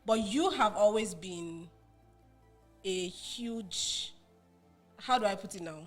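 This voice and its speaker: A woman's voice: medium pitch, slow, soft background music. A young woman from Nigeria hosting a podcast and interviewing her mother, laughing often and restarting her sentences. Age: young adult. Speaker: podcast host.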